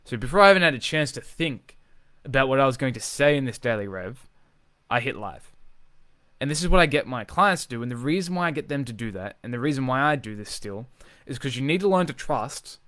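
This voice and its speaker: A man speaking as a social confidence coach in an unscripted live video, energetic and emphatic, swearing freely and repeating phrases for emphasis. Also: mid-range voice, a little fast, no echo.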